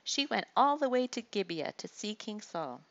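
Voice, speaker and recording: A bubbly five-year-old girl chattering eagerly, pitched up above the reader's usual voice, as a woman puts her on. A little gravel stays in the tone. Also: sing-song, moderate pace, a bit bright, lo-fi sound. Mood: excited.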